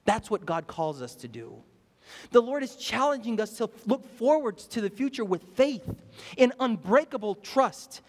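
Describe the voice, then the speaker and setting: Young guy preaching in a church, high voice jumping all over, lots of hall reverb. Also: sing-song, moderate pace. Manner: emphatic preaching, repeats phrases, asks the congregation questions. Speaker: pastor. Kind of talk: sermon. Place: church sanctuary.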